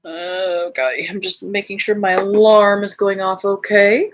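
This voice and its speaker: A woman's voice: medium pitch, fairly even intonation, unhurried, a little hiss or hum. A woman hosting a live reading stream, chatting casually and reading out viewer comments with an American accent. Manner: chatty, friendly, reads chat aloud with bright lifts. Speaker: livestream host of a reading sprint.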